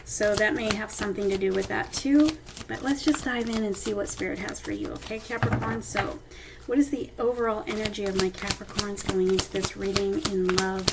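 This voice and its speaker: A woman's voice: medium pitch, fairly even intonation, a little fast, very noisy. A woman giving a casual intuitive card reading to camera, chatty and speaking straight to her viewers, often checking in with them. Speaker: tarot card reader.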